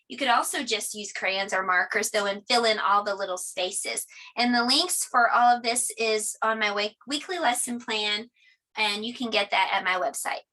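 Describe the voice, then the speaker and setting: A middle-aged woman teaching a homeschool lesson, her voice bright and a little high. She talks clearly and patiently, like a teacher walking parents and kids through an activity. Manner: clear, patient teacher talk with clapping of syllables. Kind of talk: home lesson demonstration.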